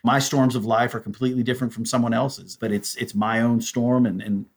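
A man telling stories as a podcast guest, animated and acting out the voices of people he quotes. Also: mid-range voice, fairly quick, husky. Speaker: guest, prison ministry volunteer. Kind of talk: storytelling in a podcast interview.

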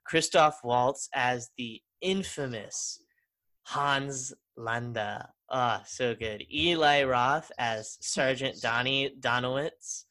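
A man's voice: mid-range voice, takes it slowly, hardly any pauses, bright, forceful tone. A man co-hosting a podcast in casual chat, enthusiastic and rambling with restarts. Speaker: podcast co-host.

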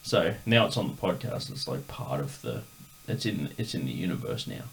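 A man's voice: deep voice, big pitch swings, normal speed, vocal fry, slight background noise. A man hosting a podcast, telling a rambling story in casual chat with lots of fillers. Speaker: podcast host.

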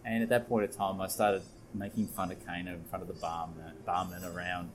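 A man's voice: deep voice, level tone, fairly quick, hardly any pauses, slight background noise, rough recording. A man co-hosting a podcast, chatting casually and joking about drinks while recorded in a restaurant bar. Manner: jokey, rambling, swears casually. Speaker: podcast co-host. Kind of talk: casual chat.

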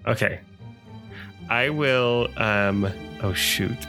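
Over music, a tabletop player with a lowish voice speaks extremely slowly. He's hesitant in this casual game, planning out loud as he goes.

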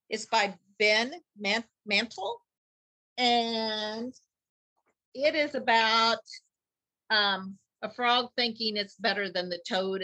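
A woman's voice: a little high, pushed and bright, low-quality recording. A woman on a podcast recommending children's picture books and reading passages aloud like a storyteller. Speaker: teacher committee member recommending books. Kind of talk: podcast book talk with read-aloud passages.

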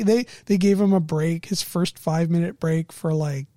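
A woman game master casually recounting a tabletop game session, animated and laughing often. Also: fairly low pitch, normal speed, hardly any pauses, dry recording, clean studio sound.

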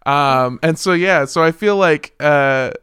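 A man co-hosting a casual podcast, reading sponsor shout-outs in a jokey, rambling way and laughing often. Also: fairly high pitch, slow, clear, resonant tone, no room sound, clean studio sound. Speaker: podcast co-host.

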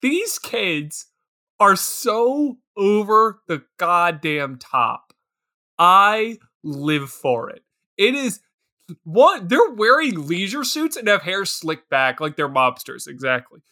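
A woman co-hosting a podcast, chatting excitedly about a film, laughing often and swearing freely. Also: medium pitch, slow. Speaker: podcast co-host. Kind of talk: casual movie recap chat.

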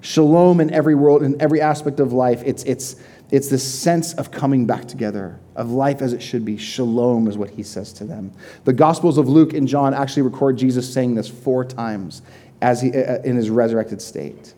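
A man's voice: medium pitch, moderate pace, warm tone. A young man giving a sermon as a pastor, retelling the scripture in a conversational, vivid storytelling way with frequent fillers.

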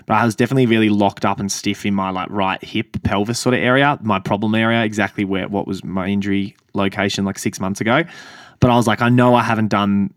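A man's voice: on the low side, fairly even intonation, quick pace, hardly any pauses, no room sound. A man hosting a casual podcast, joking and teasing his co-host. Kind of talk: casual chat.

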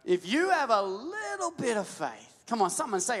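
A male pastor preaching a sermon, building to shouts and calling on the crowd to answer back. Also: extremely high pitch, big pitch swings, moderate pace, breathy edge. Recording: long hall reverb.

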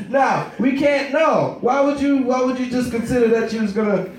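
A man in his thirties doing a stand-up comedy set, loud and profane, rambling and shouting his punchlines. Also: very high voice, moderate pace, very echoey, distant mic. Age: 30s.

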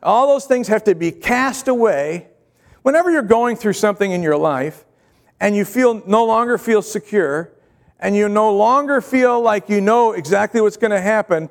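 A high-pitched man preaching a midweek sermon, pressing his point with repeated phrases and questions to the congregation. His voice rings with a long hall reverb, as if in a large church sanctuary. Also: vocal fry. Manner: earnest, repetitive, rhetorical questions to the congregation. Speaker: pastor.

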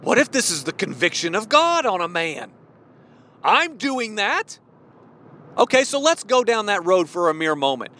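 A man in his forties preaching a fervent, worked-up sermon, at times yelling. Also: high-pitched, sing-song, normal speed. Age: 40s. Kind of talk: impassioned sermon.

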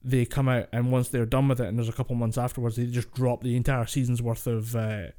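A man's voice: medium pitch, level tone, fast talker, warm tone. A young man co-hosting a podcast, chatting casually, laughing often and filling his talk with ums and uhs. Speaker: podcast co-host. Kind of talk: casual chat.

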